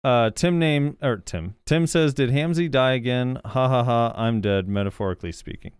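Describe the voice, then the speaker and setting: Reading viewer comments on a gaming podcast, the co-host reacts casually and hesitantly, leaning on many fillers. His mid-range voice moves at normal speed and sounds clear and resonant, in a dry, clean studio recording.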